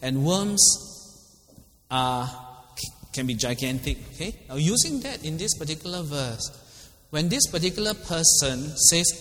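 A man's voice: fairly high pitch, lively intonation, normal speed, fairly bright tone. A middle-aged man with a Singaporean English accent, preaching in a casual, chatty way, laughing often and asking listeners by name. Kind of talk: casual sermon with questions to the congregation. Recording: long hall reverb.

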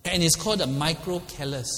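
With a voice on the high side and a fairly bright tone, a middle-aged man speaking Singaporean-accented English preaches informally, laughing and quizzing people by name. There's slight background noise and a long hall reverb.

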